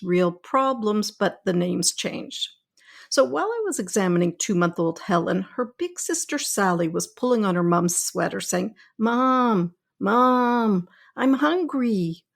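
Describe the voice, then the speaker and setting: A middle-aged woman pediatrician hosting a podcast, speaking in a calm, reassuring, explanatory way. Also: fairly low pitch, moderate pace, gravelly. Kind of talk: scripted podcast talk.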